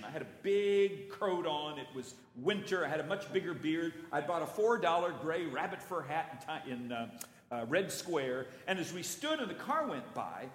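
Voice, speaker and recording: A man from California preaching a sermon as a playful, animated storyteller. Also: sits high, slight background noise. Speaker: pastor. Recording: echoey church hall.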